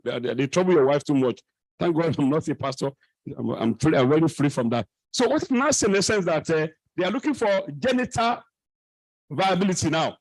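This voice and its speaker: A middle-aged man with a Nigerian English accent addresses a conference, wandering into jokes and sermon-like asides as he goes. His voice sits high for a man, and the sound is close and dry, with little room echo. He often stumbles, restarts and repeats himself mid-sentence. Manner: digressive, humorous, preachy asides and restarts. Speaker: conference speaker. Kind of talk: lecture at a conference. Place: conference hall.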